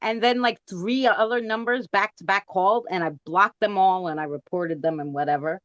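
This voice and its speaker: Woman, mid-pitched voice, casual chat, fiery and profane, dull dry recording. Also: normal speed, dry recording. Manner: animated, profane, fiery storyteller. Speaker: livestream co-host.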